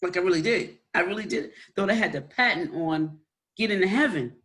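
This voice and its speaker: Woman podcast cohost, gets emotional, tells it animated with lots of restarts. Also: on the low side, brisk. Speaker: podcast co-host and evangelist. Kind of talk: personal storytelling in casual chat.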